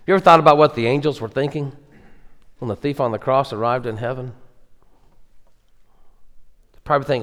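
A man's voice: medium pitch, fairly quick, pauses often, a bit bright. A pastor preaches a sermon earnestly and emphatically, often repeating words as he builds. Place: church sanctuary. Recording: echoey church hall.

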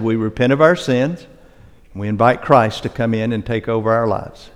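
An older male pastor preaching a sermon earnestly, slowing down for emphasis and dropping softly into prayer. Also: mid-range voice, fairly even intonation, clean tone, faint music behind. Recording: long hall reverb.

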